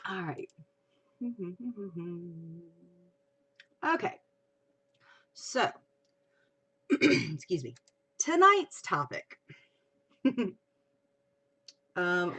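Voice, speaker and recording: A woman hosts a casual livestream, talking about what she's been reading. She speaks slowly, in a fairly low voice, chatty and expressive with casual swearing. The sound is that of a home computer mic. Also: slightly rough. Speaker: livestream host. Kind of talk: casual chat about fan fiction.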